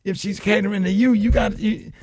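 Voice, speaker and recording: A man hosting a morning radio show, animated and repeating himself as he fires questions at his co-hosts. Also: high-pitched, fairly quick, faint music behind. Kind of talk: lively radio banter.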